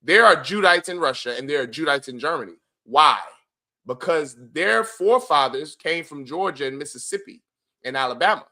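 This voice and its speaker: A man with a somewhat high, bright and forceful voice delivers a preachy livestream commentary. He speaks emphatically and keeps calling out to his listeners as brother. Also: lively intonation, fairly quick. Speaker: host of a religious group's class.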